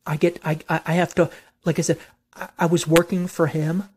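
A vlogger rants straight to camera in a venting monologue, heated and profane. The speech circles back over the same complaints again and again. It sounds aggrieved and insistent, pitched in a middling range. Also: little pitch movement, fairly quick, darkish tone, breathy edge.

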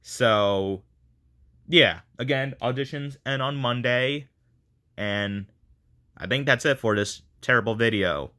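At medium pitch and a slow pace, a man speaks in a bright, forceful tone. The video creator is running a voice casting call, casually chatting with viewers while rambling and making fun of himself.

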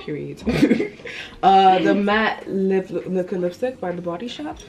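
A woman's voice: mid-range voice, a little slow, loud music behind the voice. A young woman chatting casually through her makeup routine at home, giggly and laughing often. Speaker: beauty vlogger. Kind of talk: casual makeup vlog chat. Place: indoors at home. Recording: steady background hiss.

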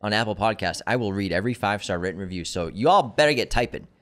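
Male podcast co-host, quick and lively delivery, playful banter. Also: on the low side. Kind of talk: casual chat.

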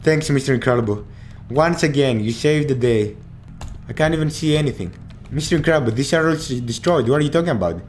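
A man's voice: mid-range voice, expressive, quick pace, slight background noise. Jumpy, swearing man. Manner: jumpy, swears a lot, panicked shouting at scares. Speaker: gaming channel host. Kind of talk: horror gameplay commentary.

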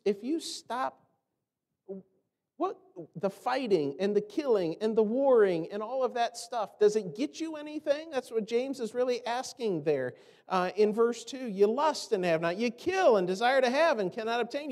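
An American man preaching a sermon as pastor, animated and often mimicking the complaining voices of others. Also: extremely high pitch, moderate pace. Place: church sanctuary. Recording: long church reverb.

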